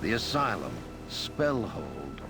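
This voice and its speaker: An actor narrating a fantasy video game in a measured, dramatic way. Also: male voice, sits low, very animated, full character voice. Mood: ominous. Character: solemn male storybook narrator of a fantasy game. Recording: narration over loud game music.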